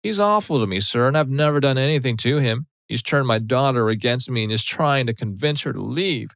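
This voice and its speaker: A man voicing an older Southern mother who is hostile and melodramatic, with a shrill, high-pitched voice and a Southern US accent. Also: animated, a little fast, a bit bright, no room sound, clean studio sound. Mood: whining. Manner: accusing, melodramatic.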